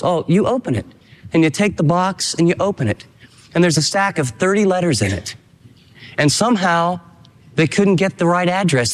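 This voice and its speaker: A man preaching a sermon as pastor, earnest and animated, acting out little quotes as he goes. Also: high voice, in a large hall.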